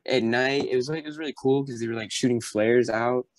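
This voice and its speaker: A man's voice: mid-range voice, fairly quick. A young man, a podcast guest, telling stories animatedly in casual chat and acting out the people in them. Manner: animated, acts out drill instructors. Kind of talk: casual storytelling.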